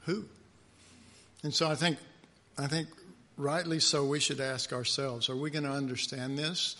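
A man preaching a conversational sermon, pausing often with fillers and restarts as he reads scripture aloud and stresses words. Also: mid-range voice, fairly even intonation, pushed and bright. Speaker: pastor.

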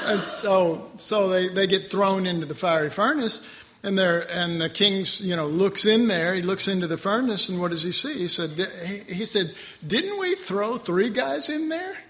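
A man giving a relaxed, conversational sermon, folksy and warm with chuckles, acting out the voices of the story's figures. His voice sits a little high for a man, and a long reverb trails his words through a large hall. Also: normal speed. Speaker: pastor.

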